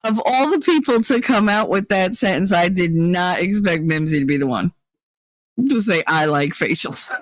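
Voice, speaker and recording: A woman's voice: mid-range voice, no echo, poor audio. A young adult woman hosting a livestream, telling crude stories in casual chat and breaking into laughter often. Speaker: livestream host.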